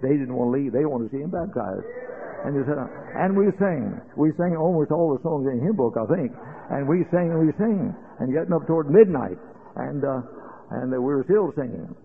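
A man preaching, telling a story in a folksy, halting way with many fillers and rising to loud warnings. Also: a little high, lively intonation, creaky, slight background noise. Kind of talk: storytelling sermon. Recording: tinny old radio broadcast.

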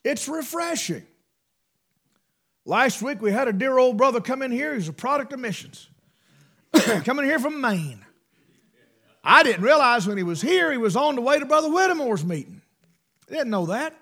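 A man preaching a sermon in a folksy, emphatic way, swinging between loud bursts and hushed asides. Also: extremely high pitch, sing-song, moderate pace, long pauses.

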